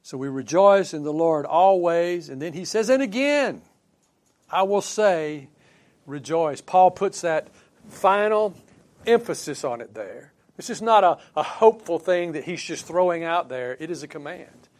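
A man preaching a sermon in a conversational way, putting questions to his congregation and swinging from quiet asides to emphatic points. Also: a little high, animated, measured pace. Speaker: pastor.

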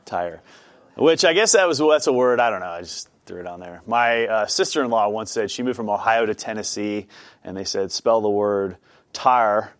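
A man's voice: lowish voice, animated, a little fast, no echo. A man leading an informal Bible study class, chatty and self-deprecating, with many fillers.

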